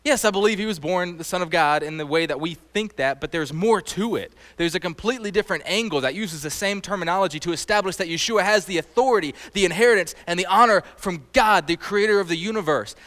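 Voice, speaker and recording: Brief: male Bible teacher, fairly high voice, lively and chatty, long hall echo. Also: fast talker, few pauses. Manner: animated, conversational, quizzes the audience. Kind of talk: sermon.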